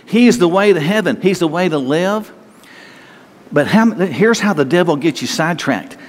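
A man's voice: high-pitched, expressive, normal speed, long reverb tail. A man preaching a sermon as pastor, folksy and conversational, often stammering and restarting.

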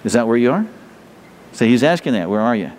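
A man's voice: medium pitch, big pitch swings, brisk, a little mellow, slight background noise. A man preaching a sermon in a folksy, conversational way, often restarting phrases and chuckling. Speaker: pastor. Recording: reverberant hall.

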